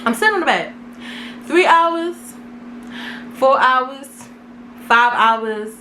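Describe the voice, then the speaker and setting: A young woman tells a story to her vlog camera in a dramatic, slangy way. Her high voice leaps up and down with lively energy. The tone is bright and forward. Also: slow pace, slight background noise. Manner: animated, dramatic retelling with slang. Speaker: vlogger. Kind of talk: casual storytime.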